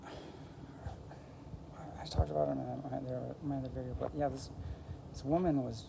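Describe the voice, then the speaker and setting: A woman vlogger rambles to her camera in a laid-back, meandering way, filled with "like" and "you know." Her voice is extremely low and creaky with little pitch movement, fairly quick, and there's background noise.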